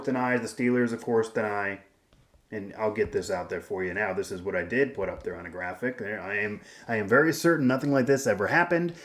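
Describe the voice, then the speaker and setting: Emphatic male sports host, echoey room. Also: mid-range voice. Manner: emphatic, rambling, frequent restarts. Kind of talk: opinionated sports commentary.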